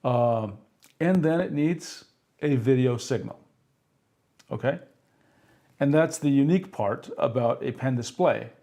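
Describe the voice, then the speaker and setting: A man's voice: mid-range voice, measured pace, long pauses, mellow. Man explaining, checking in with "okay?". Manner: self-deprecating when a demo goes wrong. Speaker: tech streamer demonstrating pen displays. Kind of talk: live stream tutorial.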